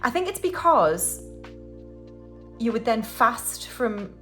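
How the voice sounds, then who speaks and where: A woman's voice: a little high, sing-song, takes it slowly, pushed and bright, soft background music. A woman from the UK hosting a casual budgeting vlog, chatting and counting banknotes aloud while laughing at her own slips. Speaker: budgeting channel host. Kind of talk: casual cash-stuffing vlog.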